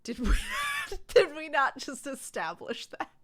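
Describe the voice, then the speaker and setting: A woman's voice: high-pitched, unhurried, dry recording, studio quality. A woman streamer chatting casually and reading along while she plays a story game. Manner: animated, reads game lines aloud and reacts. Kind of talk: casual gameplay commentary.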